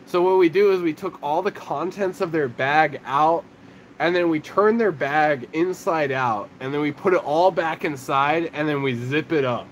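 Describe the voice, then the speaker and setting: A man co-hosting a livestream, telling stories in animated casual chat and swearing freely. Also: a little high, normal speed, highs cut off, slight background noise. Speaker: livestream co-host.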